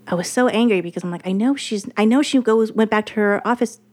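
A woman telling a story about her work in casual chat, animated and profane, acting out what others said. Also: medium pitch, fast. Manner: animated, profane, quotes others in lively voices.

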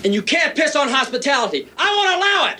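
A man's voice: very high voice, sing-song, fast, bright, forceful tone, full character voice. An actor in a played film clip, playing a stern man who insists on hospitality. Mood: indignant. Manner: emphatic, scolding. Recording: noisy film clip audio.

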